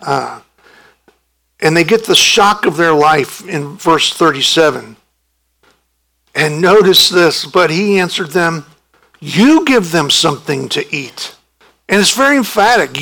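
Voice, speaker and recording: A man preaching a sermon as pastor, emphatic and animated, his voice jumping up when he acts out the disciples' protests. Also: a little high, slow pace, vocal fry, pauses often, low-quality recording.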